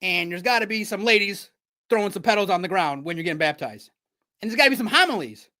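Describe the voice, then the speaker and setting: Animated high-voiced man talking sports. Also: fast talker. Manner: animated, jokey riffs with sudden loud bursts. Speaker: sports show host. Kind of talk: casual sports commentary.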